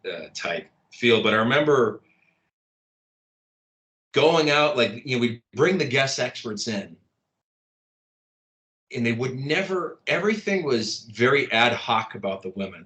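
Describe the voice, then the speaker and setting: A man's voice: medium pitch, a bit bright. A man, a guest in an interview, telling a long anecdote in a rambling, casual way with many fillers and restarts. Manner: rambling, lots of "like" and restarts, laughs at his own story.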